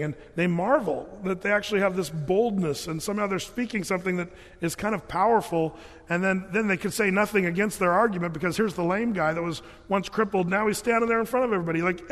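A man preaching a sermon as pastor, reading scripture aloud and then explaining it in a conversational, folksy way, with frequent fillers and restarts. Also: sits high. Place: church. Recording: long hall reverb.

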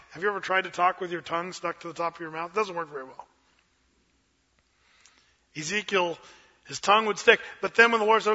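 A man preaching a sermon, telling a Bible story with lively acted-out voices. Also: high-pitched, a little fast. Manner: animated storyteller, acts out voices. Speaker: pastor. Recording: dull lo-fi sermon recording.

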